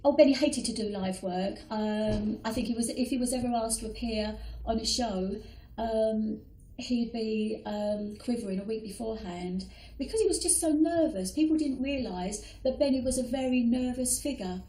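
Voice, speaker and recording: A woman's voice: on the high side, normal speed, warm tone, distant mic. A middle-aged woman earnestly explaining in an interview. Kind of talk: reminiscing interview. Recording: roomy echo.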